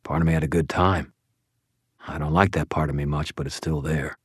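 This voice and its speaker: A man doing a quiet, guarded vampire brother. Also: fairly even intonation, a little fast, husky, no echo, studio quality. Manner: low, guarded, clipped.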